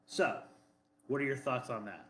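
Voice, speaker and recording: A man's voice: mid-range voice, normal speed, a little hiss or hum. Male co-host from Boston, rambling and defensive, lots of fillers, roomy echo. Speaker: podcast co-host. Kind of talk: casual chat.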